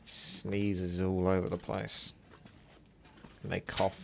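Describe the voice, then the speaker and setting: A man's voice: sits low, monotone, slow pace, gravelly, background noise. A man streaming a game live, chatting casually with rambling asides and a slight sore throat. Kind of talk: live gameplay commentary.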